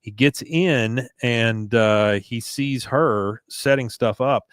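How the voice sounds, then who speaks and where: A man co-hosting a casual talk show, retelling a cartoon episode in an animated way and popping into high character voices. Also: slow, dry recording. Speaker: podcast co-host recapping a cartoon episode.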